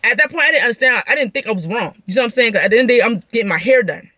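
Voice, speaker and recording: Fast-talking, profane young woman storyteller. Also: on the high side, animated, sharp tone, dry recording. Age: young adult. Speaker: vlogger. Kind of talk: storytime venting.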